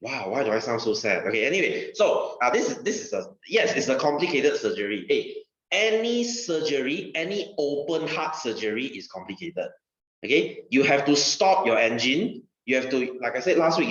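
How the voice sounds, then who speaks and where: A man's voice: medium pitch, big pitch swings, normal speed, fairly bright tone. A male science teacher, giving a casual lesson in a chatty way, repeating phrases and asking rhetorical questions. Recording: dull, roomy recording.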